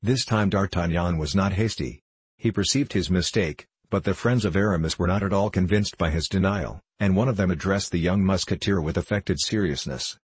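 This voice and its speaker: A male audiobook narrator with a deep, slightly husky voice. He reads in a steady, measured way, recorded close and dry with no room sound. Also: no echo. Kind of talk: scripted narration.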